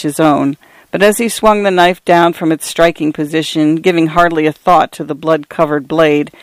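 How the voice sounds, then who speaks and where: A male audiobook narrator reads first-person literary fiction in a calm, measured way. His voice sits a little high, and the recording is dry and close. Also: no echo.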